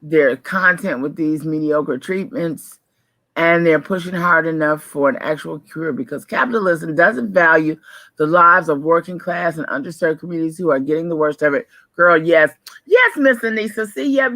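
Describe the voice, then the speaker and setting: A woman's voice: on the low side, moderate pace, no echo. A woman co-hosting a morning radio show, chatting casually with strong opinions and frequent laughs. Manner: lively, opinionated, laughs often.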